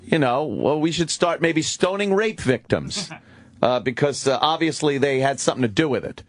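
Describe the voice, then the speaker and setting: A man's voice: on the high side, animated, normal speed, no room sound. A middle-aged man, co-hosting a radio talk show in a sarcastic, mocking way. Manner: sarcastic, mocking, puts on silly voices.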